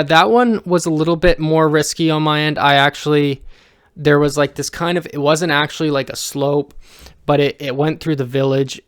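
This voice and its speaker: A young man talking casually in a rambling vlog, pausing often with ums and restarting his sentences. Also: a little high, smooth, no echo, clean studio sound. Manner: halting, many ums and restarts. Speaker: vlogger.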